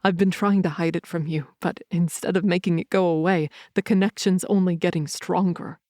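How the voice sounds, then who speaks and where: A woman's voice: lowish voice, fairly even intonation, normal speed, darkish tone, no echo, studio quality, natural voice. A woman voicing a protective young werewolf man. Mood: earnest. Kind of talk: audiobook character reading.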